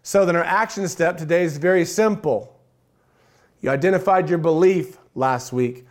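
Higher-voiced man preaching a sermon. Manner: repeats phrases for emphasis, folksy asides.

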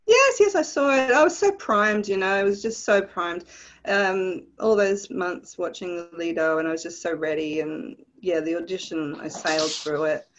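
An Australian woman with a fairly low voice recounts her memories in a lively, descriptive way, often laughing as she goes. The recording sounds a little dull and lo-fi. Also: normal speed. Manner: animated, vivid storytelling with laughs. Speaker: guest. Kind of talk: storytelling in a podcast interview.

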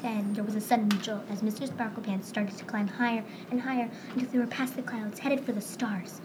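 Woman reading a kids story, steady, kinda high, hissy mic. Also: a little fast. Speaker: reader. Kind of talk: reading a children's story aloud.

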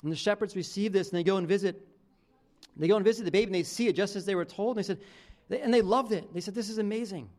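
Man, pastor, casual conversational sermon, high voice, trailing soft phrase ends. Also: fast talker. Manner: casual, conversational preaching with many restarts and "like".

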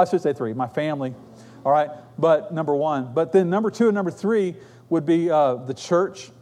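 A man's voice: fairly high pitch, a little mellow. A middle-aged man preaching a sermon, telling stories in an earnest, conversational way.

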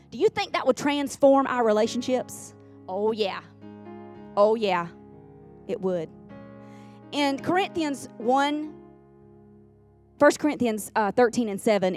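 Woman preaching, soft music behind. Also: a little high. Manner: folksy, repeats lines for emphasis, calls on the congregation. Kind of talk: sermon. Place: church sanctuary.

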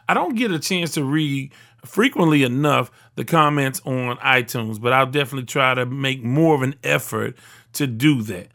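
A man's voice: medium pitch, sharp tone. A middle-aged man hosting his own sports talk podcast, talking in a rambling, conversational way full of asides. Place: recorded in Houston, Texas.

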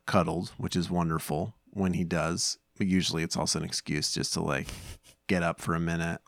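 A man's voice: low voice, fairly even intonation, brisk, gravelly, fairly bright tone, no echo, clean studio sound. A man in his thirties co-hosting a podcast, talking casually at home in a rambling way, full of fillers and restarts. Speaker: podcast co-host. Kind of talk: casual chat.

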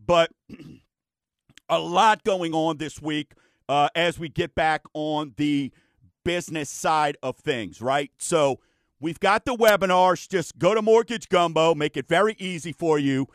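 Folksy tales and easy chatter fill the casual radio show this mortgage lender hosts. He has a fairly high voice for a man, heard in a dry, close recording.

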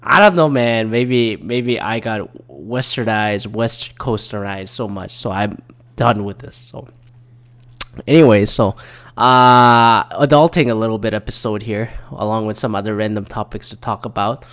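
A man's voice: lowish voice, unhurried, a bit bright. A young man from Michigan hosting his own podcast, ranting casually with lots of swearing and stumbling restarts. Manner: profane, rambling, restarts often. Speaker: podcast host. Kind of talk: casual solo podcast rant.

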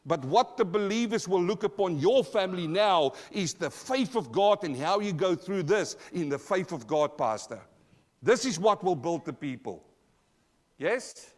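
Preaching a sermon live in church, an Australian-accented pastor calls out emphatically to the congregation in a call-and-response style. His voice sits high and stays animated yet unhurried, swinging between loud and quiet.

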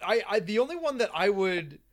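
Brief: man with a slightly high voice, podcast co-host, wry and rambling. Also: big pitch swings, a little fast. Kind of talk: casual podcast chat.

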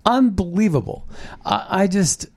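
A man hosting a political commentary show, excited and rambling, with frequent restarts. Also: high-pitched, measured pace, vocal fry. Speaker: show host.

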